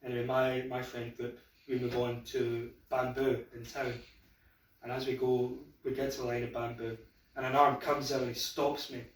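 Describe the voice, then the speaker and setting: Rambling stand-up comic in an echoey pub. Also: male voice, mid-range voice, monotone, moderate pace. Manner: rambling, self-deprecating storytelling with frequent "I was like". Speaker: stand-up comedian. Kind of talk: stand-up storytelling. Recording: echoey pub room, mic heard from a distance.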